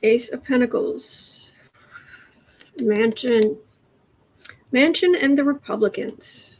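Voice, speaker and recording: Husky chatty woman with a Chicago accent. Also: a little high, takes it slowly, a little mellow. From Chicago, USA. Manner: chatty and wry, trails off and restarts. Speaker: tarot and astrology livestream host. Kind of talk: casual live tarot reading, answering chat. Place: home room with adjustable lighting.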